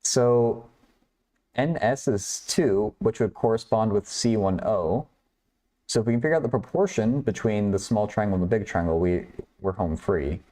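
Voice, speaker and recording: A man's voice: on the low side, lively intonation, normal speed, mellow. A man hosting a math livestream, working through problems aloud while chatting with viewers and laughing often. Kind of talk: casual livestream problem-solving.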